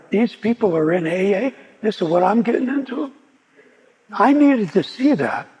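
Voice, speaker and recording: A man's voice: high voice, a little mellow, slightly rough. A man giving a personal recovery testimony at a meeting, telling his story with frequent restarts and repeated words. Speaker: guest speaker at a recovery meeting. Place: meeting hall. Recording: long hall reverb.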